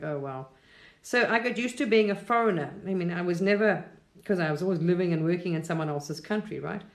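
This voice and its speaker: A woman's voice: fairly low pitch, roomy sound. A middle-aged woman from England, chatting casually and reflectively on a live stream, rambling and laughing often.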